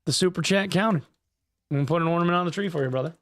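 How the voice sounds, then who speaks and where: A man's voice: a little high, rapid-fire. A man streaming live, chatting casually with viewers, jokey and profane. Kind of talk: casual livestream chat.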